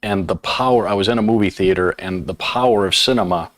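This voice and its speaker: A man hosting a casual live chat and telling a story, trailing off softly at the ends of thoughts. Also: deep voice, fast, no room sound. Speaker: host.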